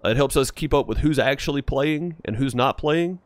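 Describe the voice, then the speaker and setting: A man streams a farming game live, chatting easily and ramblingly with viewers and often saying "uh" and "man." His mid-range voice moves a little fast, with no echo.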